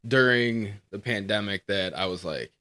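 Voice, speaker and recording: Bright-toned male host, animated and profane, tells stories and voices the people in them. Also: on the low side, normal speed. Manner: profane, animated storytelling with laughs; acts out quoted people in shifting voices. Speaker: podcast host. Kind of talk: casual bar-room chat.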